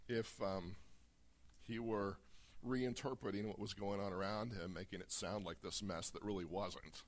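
A man's voice: low-pitched, steady tone, moderate pace. A man preaching a sermon as a pastor, reading scripture aloud and explaining it in an earnest, emphatic way.

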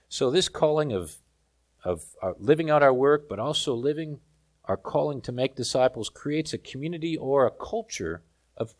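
A man from South Africa preaching a sermon, telling a lively story with humor. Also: mid-range voice.

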